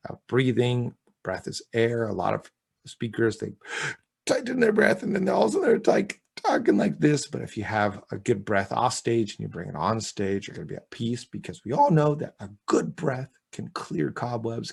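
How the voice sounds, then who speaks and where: A man who coaches communication, talking as an interview guest in an energetic, emphatic coaching way. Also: lowish voice, vocal fry, breathy edge. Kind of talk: interview chat.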